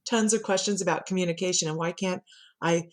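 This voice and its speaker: A middle-aged woman, a communication coach, chatting as a podcast guest and telling animated stories with frequent laughter. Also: on the low side, fast talker. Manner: lively storyteller who laughs often and acts out quotes. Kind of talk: conversational podcast interview.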